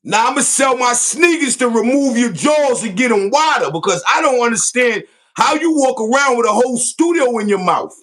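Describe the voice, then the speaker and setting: High-pitched guy roasting someone on his show, loud and mocking, voice all over the place. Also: animated, normal speed, few pauses. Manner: loud, mocking, repeats catchphrases. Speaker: online show host. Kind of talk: comedic roast rant.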